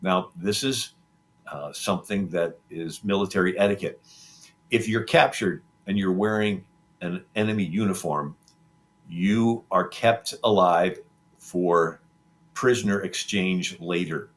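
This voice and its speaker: A man's voice: low-pitched, a little slow. A man being interviewed as a historian, retelling history in a rambling conversational way with frequent ums and restarts. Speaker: historian guest. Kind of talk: conversational storytelling.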